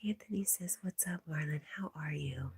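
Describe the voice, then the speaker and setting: Low husky woman reading chat softly. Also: normal speed. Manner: reads viewer comments aloud, often softly whispered. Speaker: livestream host reading chat. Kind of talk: casual livestream chat.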